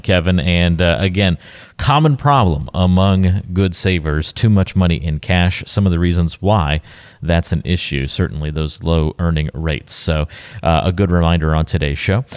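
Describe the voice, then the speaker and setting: A man hosting a radio talk show, moving from smooth scripted lead-ins to light jokey asides. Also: deep voice, darkish tone.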